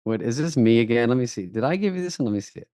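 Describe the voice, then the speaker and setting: A man's voice: mid-range voice, expressive, very fast, dark tone, no echo, studio quality. A man co-hosting a casual comedy podcast, cracking profane jokes as he reacts to clips. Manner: wisecracking, profane, laughs easily. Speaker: podcast co-host.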